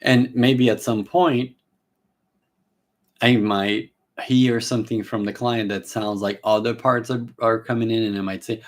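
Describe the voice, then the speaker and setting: A man with a lowish voice teaches live in a relaxed, unscripted way. He stops and restarts sentences often and slips into brief acted exchanges between a therapist and a client to show his points. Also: slow pace, long pauses. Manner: casual, many fillers and restarts. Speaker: therapy trainer.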